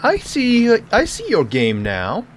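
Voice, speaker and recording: A man giving let's-play commentary in an unhurried, drawn-out delivery, his pitch sitting a little high and swinging widely. He jokes and talks back to the game, and trips over his words when something startles him. A faint hiss sits under the voice. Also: huge pitch swings. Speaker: gaming channel host.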